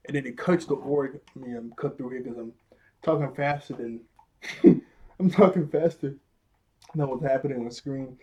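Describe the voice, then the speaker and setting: A young man with a husky, slightly breathy voice talks through a cartoon episode in a loose, rambling way. He laughs often and slips into quick impressions of the characters as he retells each scene. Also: mid-range voice, fairly even intonation, a little mellow. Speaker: video reviewer. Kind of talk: casual episode recap.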